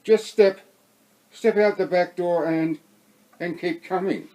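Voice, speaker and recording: A man's voice: sits high, steady tone, takes it slowly, mellow, rough recording. A man with an Australian accent voicing a confused man who stammers and repeats his words. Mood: dazed.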